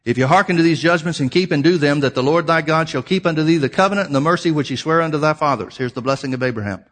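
A man's voice: fairly high pitch, quick pace, a bit bright. A man preaching a sermon, reading scripture aloud and explaining it, emphatic and repeating key phrases for his listeners.

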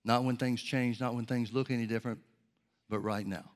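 A man preaching a sermon, teaching in an earnest, measured way and asking rhetorical questions. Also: medium pitch, steady tone.

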